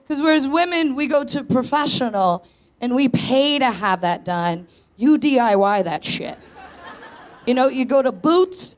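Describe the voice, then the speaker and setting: A woman in her thirties doing a frank, self-mocking stand-up comedy set on a live stage. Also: sits high. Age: 30s. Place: live stage in a tent before an audience.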